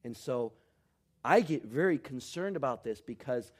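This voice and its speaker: Animated preacher man, loud then hushed. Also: medium pitch, moderate pace. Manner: dynamic preaching, swings from shouting to whispering. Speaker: pastor. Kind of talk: sermon.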